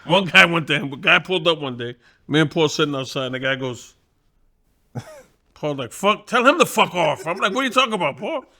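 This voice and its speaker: Bright-voiced, profane middle-aged storyteller. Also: male voice, fairly high pitch, brisk, long pauses. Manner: profane, animated, acts out quoted voices. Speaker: guest, boxing trainer. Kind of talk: casual storytelling.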